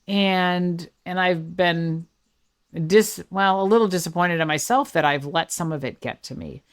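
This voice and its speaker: A woman's voice: fairly low pitch, a little slow. A woman in her fifties hosting her own podcast, talking through her feelings in an earnest, searching way, thinking aloud with restarts. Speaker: podcast host. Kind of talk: reflective solo podcast talk.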